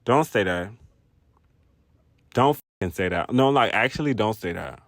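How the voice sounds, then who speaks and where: A young man telling a personal story in a casual vlog, rambling, animated and profane. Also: fairly low pitch, normal speed, no echo, studio quality. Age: young adult. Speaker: vlogger.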